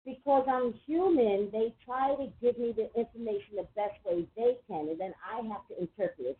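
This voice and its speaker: A chatty woman hosts a psychic call-in show, talking in an emphatic, rambling way. Her voice comes through thin and tinny, like a phone line. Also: fairly high pitch. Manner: chatty, emphatic, quick asides. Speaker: psychic radio host. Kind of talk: casual call-in talk.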